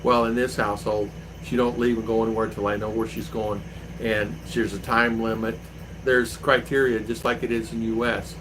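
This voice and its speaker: A man's voice: fairly low pitch, level tone, moderate pace, noisy background. An older man hosting a livestream, chatting in a rambling, storytelling way. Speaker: livestream host. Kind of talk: casual livestream chat.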